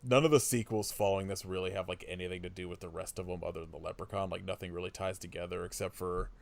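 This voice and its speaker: A man's voice: deep voice, steady tone, fast, vocal fry. A man co-hosting a podcast, chatting casually about film sequels. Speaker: podcast co-host. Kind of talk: casual chat.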